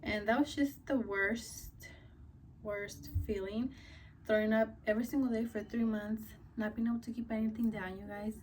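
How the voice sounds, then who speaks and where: A woman's voice: on the high side, fairly even intonation, moderate pace, a little mellow, recorded from a distance, slight background noise. Young woman vlogger, casual storytime, filler-heavy and slightly breathless. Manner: chatty, many fillers like "like" and "um". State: a little out of breath.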